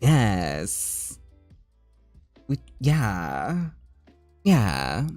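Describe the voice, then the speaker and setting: A man chatting casually on a livestream while he draws. His pitch swings widely as he jokes around, and his voice sounds dry and close to the mic. Faint music plays softly underneath. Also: extremely slow, no room sound. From United States. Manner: loud, animated and jokey, with frequent "like" fillers. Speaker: livestreaming artist.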